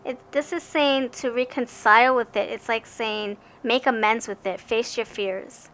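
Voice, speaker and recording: A bright, higher-pitched young woman talks through a tarot reading in a loose, rambling way. She often stumbles and restarts words, and her voice is clear and forward. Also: steady tone, unhurried. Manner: chatty, rambling, stammers and restarts. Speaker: tarot card reader. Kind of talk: casual tarot reading to camera.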